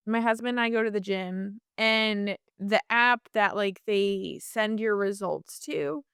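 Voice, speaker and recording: A woman guest telling a personal story in a casual interview, chatty and animated, with lots of fillers and restarts. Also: medium pitch, measured pace, smooth, dry recording, studio quality.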